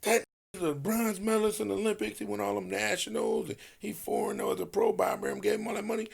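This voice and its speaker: A man acting out a panicked young friend who refuses to fight, his voice jumping up high as he pleads. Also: steady tone, quick pace, creaky, slightly rough, full character voice. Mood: alarmed.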